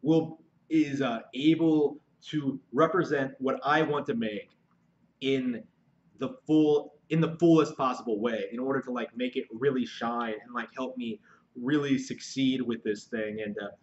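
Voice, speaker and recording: A man speaks in a mid-range voice, unscripted, working through his thoughts out loud. He stutters, restarts sentences and fills gaps with "um" and "like," sounding frustrated. The recording is somewhat dull and lo-fi. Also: medium pitch. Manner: halting, many fillers and repeated restarts; frustrated, searching for words. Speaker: aspiring novelist vlogger. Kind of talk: unscripted monologue to camera.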